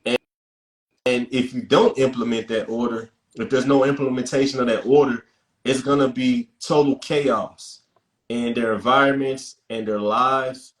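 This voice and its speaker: Measured man in an echoey room. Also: mid-range voice, fairly even intonation. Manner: measured, repeats phrases when making a point. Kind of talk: casual conversation.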